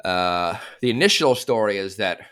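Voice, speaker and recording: A man co-hosting a casual movie podcast. His voice sits low but carries a bright, forceful edge. He talks in a wry, offhand way and keeps pulling the chat back to the topic. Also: expressive, normal speed, clear, resonant tone. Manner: wry, steers the conversation. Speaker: podcast co-host.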